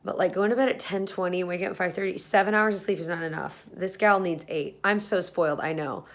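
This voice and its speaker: A woman's voice: on the low side, fairly even intonation, fast talker. Tired, chatty young woman vlogging at home. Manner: chatty and rambling, laughs often. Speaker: beauty vlogger. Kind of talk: casual vlog chat. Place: small home room.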